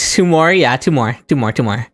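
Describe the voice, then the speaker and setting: Speaking a little slowly with an extremely low, expressive voice, this gaming streamer commentates her live game into a desk mic while faint music plays behind. She talks with viewers in chat and shrieks happily at lucky rolls.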